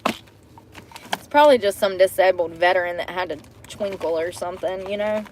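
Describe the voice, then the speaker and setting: A woman's voice: lowish voice, steady tone, normal speed, a little hiss or hum. A woman vlogging to a phone camera from inside her parked car, chatty and profane, breaking into laughter often. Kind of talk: casual chat to camera.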